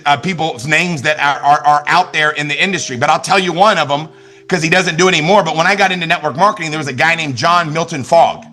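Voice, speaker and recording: Energetic man coaching with bright, high voice. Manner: energetic, repetitive, many restarts and "right?". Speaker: network marketing trainer. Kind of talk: motivational business talk.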